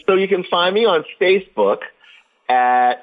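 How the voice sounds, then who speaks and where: Animated, laughing male podcast guest. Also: medium pitch, fairly quick, phone-quality sound, faint music behind. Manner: animated storyteller, laughs often. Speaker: podcast guest, professional drummer. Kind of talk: casual interview chat.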